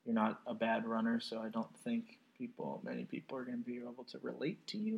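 A man's voice: medium pitch, lively intonation, a little fast, gravelly, lo-fi sound. A man in his twenties hosting a casual podcast interview from an apartment, joking and teasing his guest. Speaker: podcast host.

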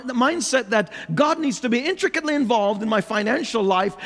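A man's voice: extremely high pitch, creaky, a bit bright. A middle-aged man preaching a sermon as pastor, driving his points home with rhetorical questions and touches of humor. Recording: long hall reverb.

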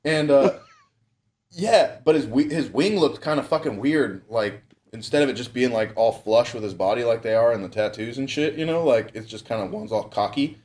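With a mid-range, slightly mellow voice at a moderate pace, this young man spins a long, meandering tale. He curses nonstop and keeps laughing as he goes.

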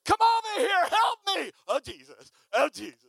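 A man's voice: high-pitched, sing-song, brisk, vocal fry, slightly rough, no echo, studio quality, full character voice. A man voicing a frightened young boy, his childhood friend, crying out in frantic pleas. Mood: panicked. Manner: frantic, pleading cries.

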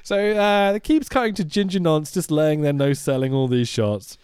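A man's voice: fairly high pitch, moderate pace, a little mellow, clear, resonant tone, dry recording, clean studio sound. A man casually recapping a film with a friend, laughing often and swearing as he goes. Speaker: podcast co-host. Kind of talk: casual movie review chat.

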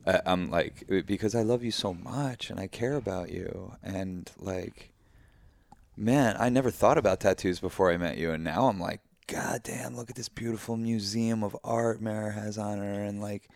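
Deep gravelly man, emphatic and effusive. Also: normal speed, dry recording. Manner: emphatic and effusive, swears freely, spiritual talk. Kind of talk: casual heartfelt conversation.

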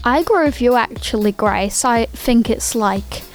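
A woman's voice: a little high, animated, unhurried, soft background music. Hesitant girl chatting on radio. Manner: hesitant, lots of fillers. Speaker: student radio guest. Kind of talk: casual radio chat.

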